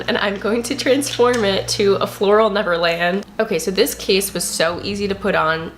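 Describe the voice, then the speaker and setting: A young woman chatting straight to camera in a casual unboxing vlog, gushing over each item with excitable, breathless delight. Her pitch sits mid-range for a woman, and a faint hiss of background noise runs under the camera-mic sound. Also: vocal fry. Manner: gushing, excitable, many "like" and "you guys". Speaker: beauty and lifestyle vlogger.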